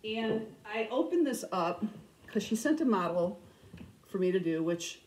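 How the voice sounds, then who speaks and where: A middle-aged woman chats on her crafting vlog in an easy, casual way, her voice sitting at an ordinary middle pitch. She tells funny stories about herself with lively, self-mocking humor. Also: measured pace, rough recording. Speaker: cross-stitch vlog host. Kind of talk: casual storytelling chat.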